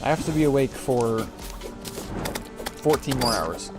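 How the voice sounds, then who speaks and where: A man's voice: mid-range voice, expressive, unhurried, over music. A man casually commentating a game livestream, joking and sarcastic, rambling with lots of fillers, sleepy and yawning. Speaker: gaming livestreamer.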